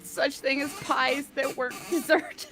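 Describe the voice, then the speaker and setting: A woman co-hosting a casual chat, telling stories playfully with big expressive swings. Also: measured pace. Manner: expressive, playful storytelling with big pitch jumps.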